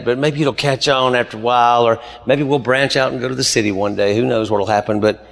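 A man's voice: mid-range voice, creaky. A man, preaching a sermon as pastor and telling stories with rising emphasis. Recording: long hall reverb.

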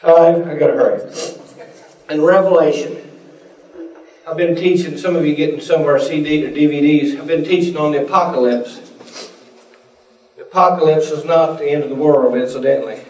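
A man's voice: fairly high pitch, fairly even intonation, a little fast, pauses often, a little mellow. A man preaching a sermon and telling folksy stories, acting out the voices of the people in them. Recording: echoey room, voice picked up from a distance.

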